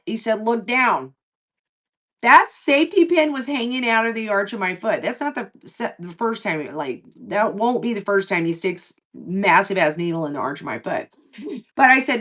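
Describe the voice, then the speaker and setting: A woman's voice: normal speed, far from the mic. A woman chatting casually and telling a long story, acting out what people said and swearing freely. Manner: animated, swearing, acts out dialogue in lowered and raised voices. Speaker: livestream co-host.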